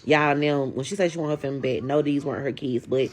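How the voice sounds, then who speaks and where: A woman telling a casual storytime, animated and talking straight to her viewers. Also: rumbling low, fast talker.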